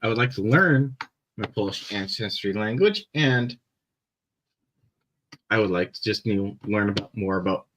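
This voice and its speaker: A young Canadian man with a Canadian accent chatting casually on a live stream, rambling with many fillers and pauses. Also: fairly low pitch, expressive, a bit bright, slight background noise, low-quality recording.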